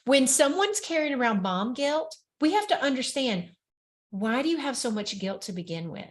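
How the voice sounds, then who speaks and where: A woman's voice: high-pitched, sing-song, normal speed. A woman hosting a solo coaching podcast, talking frankly and emphatically and acting out inner voices. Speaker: podcast host and weight-loss coach.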